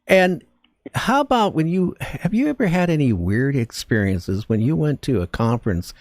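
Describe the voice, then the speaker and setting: A man hosting a talk radio interview, asking halting questions with repeated words. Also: a little high, big pitch swings, no echo.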